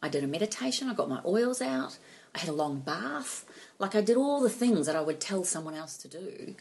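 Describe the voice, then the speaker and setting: A middle-aged woman co-hosts a casual podcast chat among friends, telling a story with animation, acting out quotes and laughing often. Her fairly low voice is sing-song and fairly quick, a little mellow, with vocal fry and a breathy edge.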